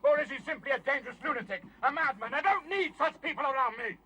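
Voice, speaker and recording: Brief: man playing a commanding revolutionary chief, bright forceful voice, mid pitch, probing. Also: expressive, fairly quick, a little hiss or hum, lightly acted, rough recording. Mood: shouting. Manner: probing, building into shouting. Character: stern middle-aged male revolutionary leader. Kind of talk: 1980s TV drama acting.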